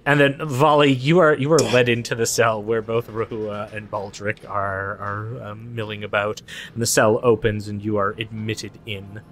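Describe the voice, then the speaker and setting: A man as game master, narrating a tabletop game in a halting way with many fillers. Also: on the low side, level tone, a bit bright.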